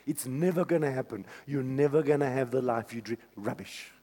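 A male pastor preaching a sermon, swinging from hushed tones to shouts. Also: medium pitch, fairly quick, long reverb tail.

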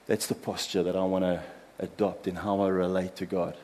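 A man preaching a sermon as pastor, earnest, dropping soft for prayers and building emphasis in lists. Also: deep voice, flat delivery, brisk, in a large hall.

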